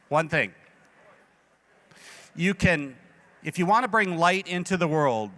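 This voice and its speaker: A man's voice: a little high, fairly bright tone. A man acting as emcee at a conference, directing a large live audience and rallying a noisy crowd. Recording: long hall reverb.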